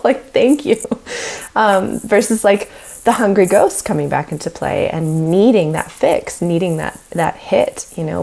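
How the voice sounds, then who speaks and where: A woman guesting on a podcast, chatting in a loose, animated way with frequent laughter. Her voice sits on the low side and has a gravelly, fry-edged texture. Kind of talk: casual podcast conversation.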